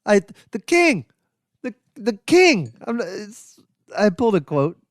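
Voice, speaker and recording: A man hosting a comedy podcast, riffing sarcastically in a rambling, profane monologue full of restarts and sudden high exclaims. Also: sing-song, slow, fairly bright tone, dry recording, studio quality. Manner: jumps into high exclaims for emphasis. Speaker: podcast host.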